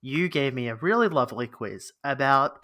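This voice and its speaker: A man co-hosting a comedy podcast, throwing in quick jokes and banter. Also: mid-range voice, animated, pushed and bright. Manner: quick joking interjections. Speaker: podcast co-host.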